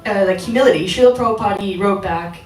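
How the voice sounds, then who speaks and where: A woman's voice: mid-range voice, quick pace, darkish tone, slight background noise. A woman giving a casual devotional talk to a group, asking her listeners questions as she goes. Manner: conversational, asks the audience questions. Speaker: devotional class speaker. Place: temple hall. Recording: echoey hall, voice from far off.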